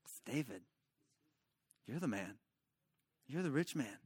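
A man voicing a stern but caring male prophet who speaks low, quiet and firm. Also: brisk, no echo, natural voice. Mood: quiet accusing.

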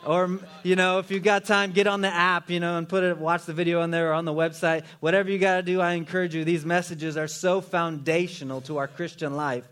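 A man preaching a sermon in a relaxed, conversational way with joking asides. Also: high voice, a little fast, few pauses. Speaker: pastor.

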